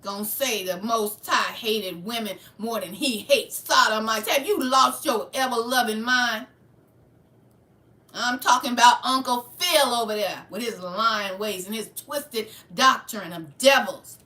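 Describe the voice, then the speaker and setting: A woman's voice: on the high side, unhurried, bright, forceful tone, far from the mic. A woman hosting her channel with heated, preachy livestream commentary, fiery and confrontational. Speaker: channel host. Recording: echoey room, away from mic.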